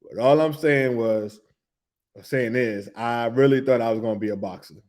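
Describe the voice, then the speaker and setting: A middle-aged man hosting a podcast, telling a loose, animated story in casual slang, with laughs and restarts. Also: mid-range voice, moderate pace. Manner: animated, humming tunes and acting out reactions. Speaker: podcast host.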